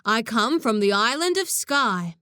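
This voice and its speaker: A woman's voice: on the high side, very animated, unhurried, bright, forceful tone, clean tone, no room sound, studio quality, exaggerated voice. Lady reading as a cheery scottish rescue guy in a storybook, teasing, bouncy up and down voice. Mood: jokey. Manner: teasing, jokey. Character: friendly male rescuer from Scotland, joking.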